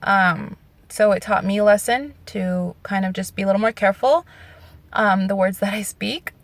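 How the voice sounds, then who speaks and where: A woman's voice: medium pitch, normal speed, no echo. A woman telling a personal story in a vlog, earnest, candid and emotional. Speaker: vlogger.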